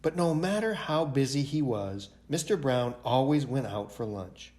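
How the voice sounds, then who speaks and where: Lively man reading a children's story. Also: medium pitch, measured pace. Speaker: library director reading a picture book. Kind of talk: children's storytime read-aloud.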